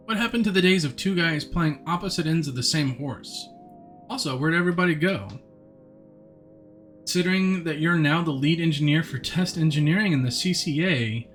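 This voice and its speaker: A man's voice: on the high side, moderate pace, fairly bright tone, soft background music. A man streaming a game live, chatting with viewers and reading the game's text aloud. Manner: chatty, answers chat, reads narration aloud in a plain voice.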